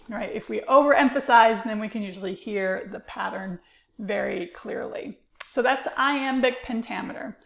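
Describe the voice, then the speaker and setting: A woman's voice: mid-range voice, moderate pace, gravelly, fairly bright tone, echoey room. A woman teacher giving a recorded lecture, explaining with frequent uh and um fillers. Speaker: literature teacher.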